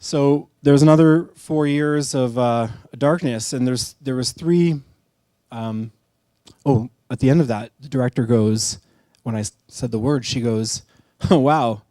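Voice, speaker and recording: A man's voice: mid-range voice, unhurried, mellow, no echo, clean studio sound. A middle-aged man telling a candid, self-deprecating personal story on stage at a live storytelling event.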